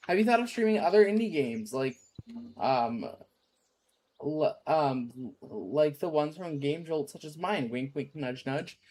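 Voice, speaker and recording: A man's voice: a little high, expressive, a little slow, a little mellow. A man chatting casually on a game stream, rambling and goofy, often stopping to restart his sentences. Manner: rambling, self-interrupting, goofy asides. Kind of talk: casual chat while gaming.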